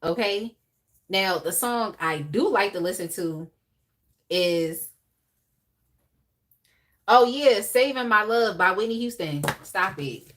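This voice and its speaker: A young adult woman hosting a live tarot reading, talking in a casual, animated way with laughs and chatty asides. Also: mid-range voice, slow pace, long pauses. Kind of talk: casual live-stream chat.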